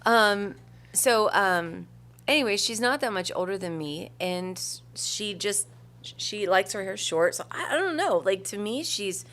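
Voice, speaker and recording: A woman nearing fifty tells a story as a podcast co-host. She talks casually, often trailing off and breaking into laughter. Her voice sits at a middle pitch. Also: animated, measured pace, fairly bright tone. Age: 40s. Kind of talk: casual chat.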